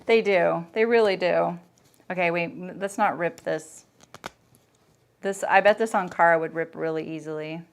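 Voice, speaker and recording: A woman's voice: on the low side, fairly even intonation, normal speed, gravelly, a little hiss or hum. A woman hosting a sewing livestream, chatting casually and thinking aloud as she works, with frequent laughs. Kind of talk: casual chat while sewing.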